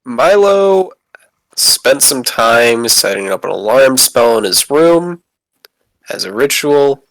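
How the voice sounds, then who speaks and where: A man taking part in a tabletop role-playing game, talking in an amused, expressive way. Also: mid-range voice, slow pace, dry recording, poor audio. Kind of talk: casual tabletop play.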